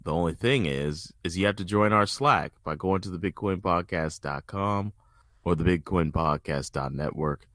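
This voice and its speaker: Male host with a very deep voice and a dry, close sound; wry and teasing. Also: normal speed, a bit bright, no room sound. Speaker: podcast co-host. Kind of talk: casual chat.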